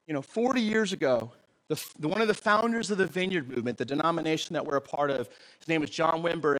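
Lively, high-voiced man preaching. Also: low-quality recording. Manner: animated, joking, asks the audience questions. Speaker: pastor. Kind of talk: sermon.

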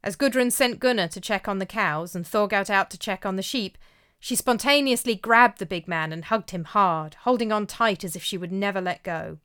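Smooth-voiced woman storyteller. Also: medium pitch, normal speed, a bit bright. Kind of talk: storytelling narration.

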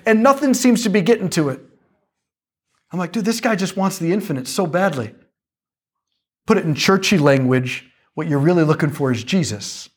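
Man, lively faith talk, slightly higher voice, casual jokes. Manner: animated, conversational, jokey asides.

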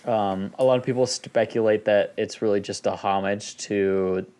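Laid-back male co-host, lowish voice, rambly casual delivery. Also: fairly even intonation, moderate pace, mellow, clean tone. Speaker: podcast co-host. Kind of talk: casual group chat.

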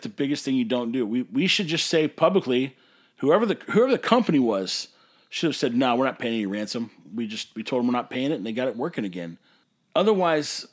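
A man, a brewery owner hosting a podcast, ranting in an emphatic, passionate way that sometimes turns to hollering. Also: mid-range voice. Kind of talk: casual ranting monologue.

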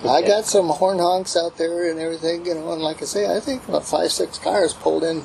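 A man's voice: a little high, fairly even intonation, a little fast, creaky, a little mellow, a little hiss or hum, rough recording. A man chatting casually in a plainspoken, rambling way. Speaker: interviewee. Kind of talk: casual chat.

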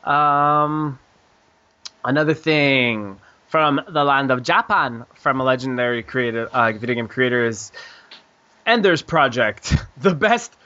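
A man's voice: medium pitch, takes it slowly, bright, forceful tone, highs cut off. A man hosting a gaming podcast, joking around loosely and reading out news with plenty of "uh" and "um". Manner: joking, loose, with frequent "uh" and "um" and giggles. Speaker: podcast host. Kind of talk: casual chat with news reading.

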